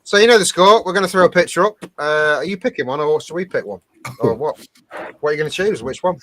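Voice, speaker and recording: A man's voice: a little high, quick pace, sharp tone, a little hiss or hum. Chatty man reading out comments. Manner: chatty, laughs often, reads comments aloud. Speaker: co-host reading out viewer captions. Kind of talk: casual live-stream banter.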